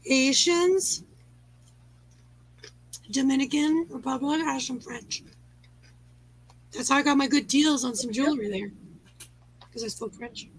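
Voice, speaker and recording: A woman's voice: sits high, measured pace, long pauses, poor audio. A woman hosting a casual livestream chat, playful and self-mocking, laughing at her own mispronunciations. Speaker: livestream host.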